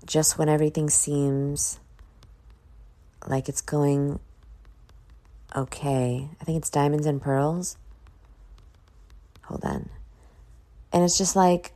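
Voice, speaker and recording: Sleepy low-voiced woman podcast host. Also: steady tone, slow pace, long pauses, dark tone. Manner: drawling, reflective, swears casually. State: sleepy, yawning. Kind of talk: casual solo podcast talk.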